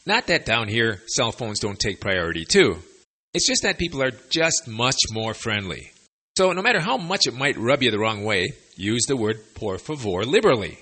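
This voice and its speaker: Male language teacher with a husky, forceful voice and lively delivery; casual, wry, sarcastic asides. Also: medium pitch, normal speed. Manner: lively, chatty explaining. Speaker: Spanish teacher for expats. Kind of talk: conversational language lesson.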